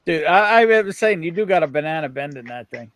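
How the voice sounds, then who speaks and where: A man's voice: on the high side, expressive, brisk, fairly bright tone, no echo. A man on a casual whiskey stream, chatty and enthusiastic as he describes what he is drinking. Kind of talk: casual chat on a live stream.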